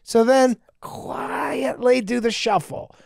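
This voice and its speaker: A man co-hosting a podcast, giving advice in a casual, animated comedic chat and acting out little scenes with crude jokes. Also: high voice, moderate pace, dry recording, clean studio sound.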